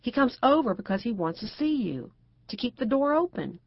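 A woman's voice: a little high, sing-song, normal speed, no room sound, dull audio, pitched above the performer's own voice. A woman narrator voicing a prim, cautious middle-aged housewife who speaks properly and frets. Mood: prim, fretful. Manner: proper and fretful.

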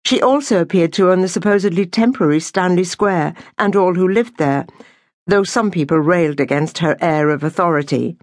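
A woman reading an audiobook novel aloud in a measured, unhurried storytelling manner. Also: fairly low pitch, a little mellow, no room sound, studio quality. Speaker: audiobook narrator. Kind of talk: scripted narration.

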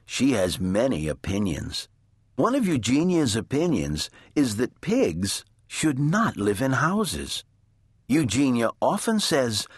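A man narrating a children's storybook in a gentle, deliberate storytelling manner. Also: medium pitch, slightly rough, no room sound, clean studio sound. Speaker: audiobook narrator.

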